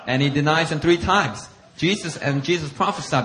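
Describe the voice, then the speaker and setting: A man's voice: fairly high pitch, moderate pace, hardly any pauses, fairly bright tone, slight background noise. A male pastor preaching a sermon, acting out scripture quotes and laughing often as he talks.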